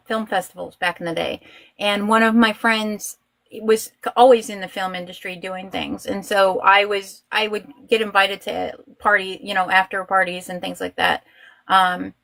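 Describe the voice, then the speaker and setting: Woman guest, mid-range pitch, animated anecdote teller, acts out the voices she quotes. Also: gravelly. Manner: lively storyteller who acts out quoted voices. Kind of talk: casual chat.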